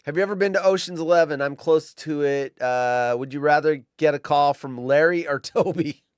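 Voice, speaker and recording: A man's voice: a little high, moderate pace, smooth, no room sound, clean studio sound. A man hosting a podcast in casual chat, teasing his co-host with jokey banter.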